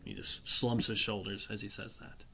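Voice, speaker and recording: A man running a tabletop game as game master, talking in a casual, relaxed way. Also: fairly low pitch, normal speed, faint music behind. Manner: casual, relaxed, chatty with fillers.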